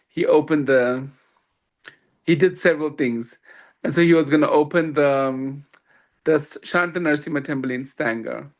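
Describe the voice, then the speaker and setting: A man with a fairly high voice tells a personal story as a podcast guest. He is lively and laughs often, and he acts out each person's lines. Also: moderate pace. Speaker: guest, swami.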